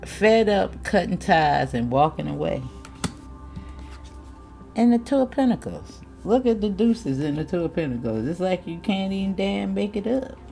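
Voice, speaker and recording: A woman's voice: mid-range voice, very animated, moderate pace, gravelly, dark tone, faint music behind. A woman giving a casual, frank tarot reading commentary, chatting, swearing freely and laughing often. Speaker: tarot reader.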